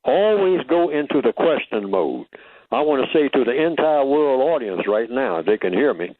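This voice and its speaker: Older man, radio guest, emphatic, rhetorical questions, mid-pitched voice, tinny phone sound. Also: sing-song, moderate pace, no room sound. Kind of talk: radio interview talk. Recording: tinny phone line, dry.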